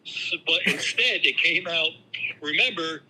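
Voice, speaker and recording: The host's father, a man in his sixties, calls in on speakerphone to tell a family story in casual chat, sprinkling in plenty of "you know." His voice is fairly high and sharp, his pace unhurried, and the recording quality is low.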